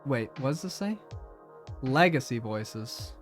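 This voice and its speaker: A man's voice: medium pitch, animated, takes it slowly, soft background music. A man streaming live, chatting casually with his viewers, laughing often and repeating words as he talks.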